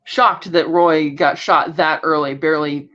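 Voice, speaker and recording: A woman's voice: low voice, fairly even intonation, unhurried, fairly bright tone. A woman co-hosting a podcast, casually recapping a TV episode and acting out lines from the scenes. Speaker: podcast co-host. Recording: dull lo-fi audio.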